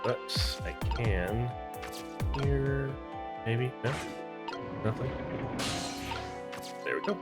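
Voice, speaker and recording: A man's voice: mid-range voice, drawn-out words, long pauses, loud music behind the voice. Man muttering casual gameplay asides. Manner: mumbling asides and fillers while playing. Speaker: streamer. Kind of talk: casual game commentary.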